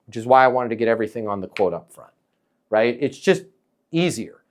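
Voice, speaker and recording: A man coaching a salesperson with emphatic, energetic talk, acting out little dialogues as he goes. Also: mid-range voice, brisk. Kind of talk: coaching a caller in a sales session.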